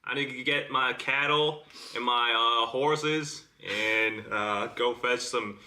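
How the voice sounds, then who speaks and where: A man's voice: mid-range voice, takes it slowly, bright, forceful tone, voice pushed down. A man putting on a hammy Southern cowboy drawl. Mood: goofy. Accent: put-on American Southern.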